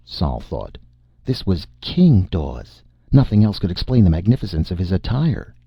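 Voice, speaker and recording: A man narrates a horror story in a very deep, gravelly voice with a husky edge. The recording is dull and dry, like a simple home setup. He reads steadily and shapes each scene with care. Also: expressive, normal speed, dry recording. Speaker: audiobook narrator. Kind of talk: scripted narration.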